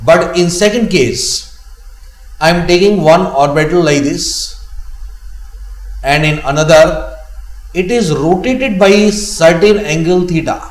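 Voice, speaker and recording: Man, Indian English accent, chemistry lecture, slow delivery, repeats himself, slightly high voice, echoey room. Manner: slow, repeats key phrases. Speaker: chemistry teacher. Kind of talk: classroom lecture.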